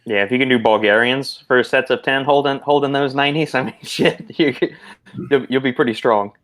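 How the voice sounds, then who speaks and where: A man co-hosting a live stream as a supplement expert, explaining in a relaxed, halting way. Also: mid-range voice. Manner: relaxed, explanatory, hesitant restarts. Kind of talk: casual expert chat.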